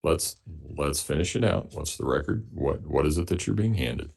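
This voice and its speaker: Deep gravelly judge guy, formal and measured, sounds far off the mic. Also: animated, a little mellow. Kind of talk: courtroom procedure. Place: courtroom. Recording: distant courtroom audio.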